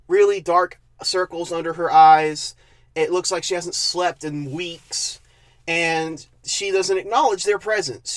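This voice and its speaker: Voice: mid-range voice, no echo. A movie reviewer giving a casual spoken review, ranting with exasperation and sarcasm, often laughing and stumbling over restarts. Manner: frequent laughs and stammered restarts.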